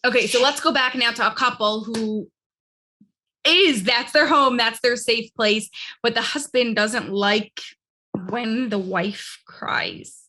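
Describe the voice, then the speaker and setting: Host, woman, bright forceful tone, chatty and loose, lots of "like" fillers. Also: on the high side, slow. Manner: chatty, fills speech with "like". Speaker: podcast host. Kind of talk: casual conversational interview.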